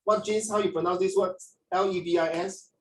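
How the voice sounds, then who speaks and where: A man, teaching a classroom lesson in an animated way and mixing in Mandarin. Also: high voice, a little fast, a little hiss or hum. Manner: animated, mixes in Mandarin, frequent "ah" tags. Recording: echoey classroom from a distance.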